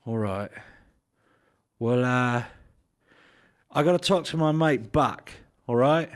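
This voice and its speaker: A man voicing a quick-tempered, foul-mouthed gangster. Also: mid-range voice, clean tone, natural voice. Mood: guarded. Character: hot-tempered crude British gangster.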